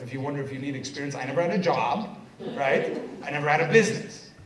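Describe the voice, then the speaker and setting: A man in his thirties from Quebec giving a lively motivational seminar talk, joking and poking fun at himself as he tells his story. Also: fairly high pitch, very noisy. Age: 30s. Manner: energetic, joking, self-mocking storyteller. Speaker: business seminar speaker. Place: seminar hall with a live audience. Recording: echoey hall, distant mic, audience.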